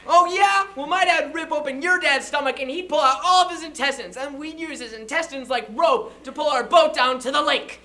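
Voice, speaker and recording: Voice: medium pitch, animated, a little fast, pushed and bright. A performer voicing a competitive young boy who brags and teases gleefully in a comic scene. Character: competitive young boy bragging about his dad.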